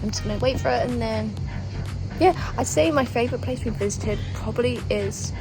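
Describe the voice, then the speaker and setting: A young woman with a fairly high voice talks brightly to her phone camera, laughing often as she walks outdoors and around a hotel room. Clear music plays beneath her throughout. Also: brisk, poor audio. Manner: bubbly and chatty, laughs often. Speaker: travel vlogger. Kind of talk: casual travel vlog. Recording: music playing under the voice.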